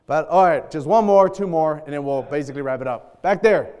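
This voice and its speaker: High-voiced preacher bantering with the congregation. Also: male voice, a little fast, smooth. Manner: loud, bantering call-and-response with the congregation. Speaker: pastor. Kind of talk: sermon. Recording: long hall reverb.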